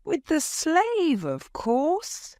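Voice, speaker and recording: A woman's voice: high-pitched, wildly swooping pitch, very slow, a little mellow, dry recording, clean studio sound, voice pushed up, exaggerated voice. A woman voicing a fussy older aunt who scolds the boys in a storybook reading.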